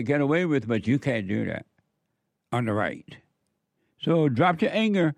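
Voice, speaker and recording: A man's voice: mid-range voice, sing-song, moderate pace, gravelly, pauses often, no echo. A man delivering an opinion monologue, repeating his warnings with heavy emphasis. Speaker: political commentator.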